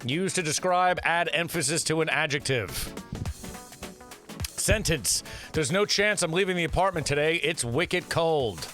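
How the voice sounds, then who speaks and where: Over background music, a young man hosts a casual food show, rambling and cursing freely as he reads from a list. His intonation is lively and his pace measured, and his pitch jumps sharply on each item he reads out.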